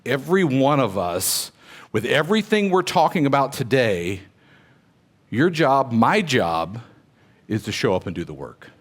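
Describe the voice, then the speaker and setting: Before a room of real estate agents, a middle-aged man speaks at a measured pace, his medium-pitched voice swinging widely in pitch. He relates personal stories in a conversational, motivational manner and asks the audience questions.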